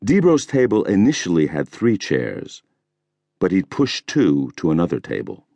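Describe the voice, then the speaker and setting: A man narrating a thriller audiobook in a measured, deliberate storytelling manner, recorded on a close studio mic. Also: sits low, huge pitch swings, creaky, mellow, dry recording.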